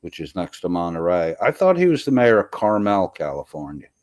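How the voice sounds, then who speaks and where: A congested man with a sore throat runs a casual livestream. He reads chat comments aloud in a profane, rambling way. His voice sits low, and the sound is dry and close. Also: big pitch swings, fairly quick, darkish tone, no room sound. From US East Coast. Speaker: livestream host. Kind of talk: casual live-stream chat reading comments.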